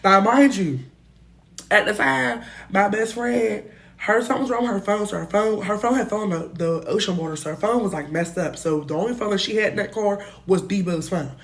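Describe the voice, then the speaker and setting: A young woman spinning a casual storytime in a mid-pitched voice. She talks in animated, slangy bursts and swears freely. Loud outbursts alternate with low, muttered asides. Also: brisk. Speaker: storytime vlogger.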